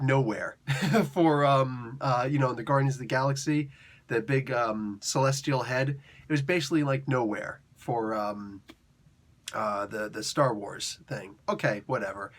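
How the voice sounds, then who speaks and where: Male host, casual review talk, rambling and jokey, filler-heavy, mid-range pitch. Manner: rambling, joking, with many fillers and restarts. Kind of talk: casual video review monologue.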